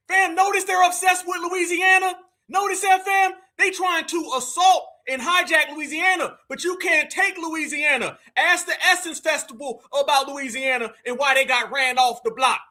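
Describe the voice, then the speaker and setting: Loud, very high, bright-voiced male host. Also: normal speed, hardly any pauses. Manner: loud, mocking, often shouting. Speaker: livestream host reacting to a clip. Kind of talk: heated commentary.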